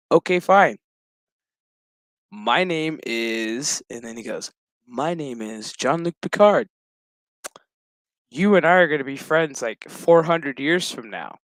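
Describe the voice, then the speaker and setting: A man's voice: mid-range voice, animated, a little slow, pauses often, fairly bright tone, no echo, low-quality recording. A man casually retelling a TV episode, crude and joking, chuckling as he acts out the characters' lines. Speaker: show recap host. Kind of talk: casual profane episode recap.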